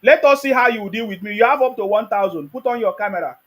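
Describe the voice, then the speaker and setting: High-voiced combative Nigerian man. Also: expressive, fast talker, a bit bright, slightly rough. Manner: combative, repeats demands insistently. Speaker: host of a live call-in stream. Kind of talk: heated call-in debate.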